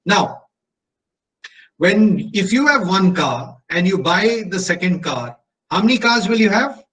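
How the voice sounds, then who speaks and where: Animated Indian man telling a story. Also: high voice, measured pace, distant mic, low-quality recording. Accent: Indian English. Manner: animated storyteller acting out dialogue. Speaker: motivational speaker. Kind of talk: motivational storytelling talk.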